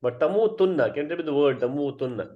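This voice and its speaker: A man's voice: a little high, expressive, fast. A man teaching a grammar class, explaining step by step and often checking with students. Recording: dull lo-fi sound.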